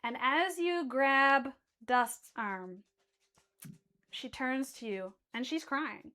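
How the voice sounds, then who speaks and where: A woman's voice: sits high, takes it slowly, pushed and bright. A woman narrating as game master in casual, loose chat, swearing freely and correcting herself mid-sentence.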